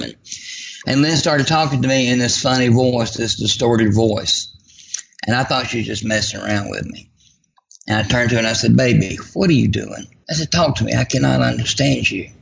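A man's voice: medium pitch, vocal fry, dull audio, a little hiss or hum. A man telling a personal story in a folksy, self-deprecating way, as a guest on a talk show.

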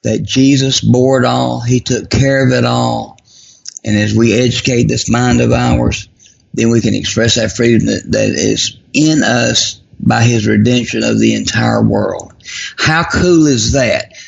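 Gravelly widowed man talking it through. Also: medium pitch, steady tone, lo-fi sound. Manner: reflective, halting, with repeated restarts. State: grieving. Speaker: guest. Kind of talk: casual conversation.

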